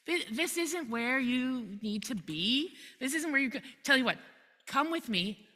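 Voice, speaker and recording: A woman voicing a calm, wry prophet. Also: high-pitched, measured pace, heavily acted. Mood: reassuring. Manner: reassuring, breezy. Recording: long hall reverb.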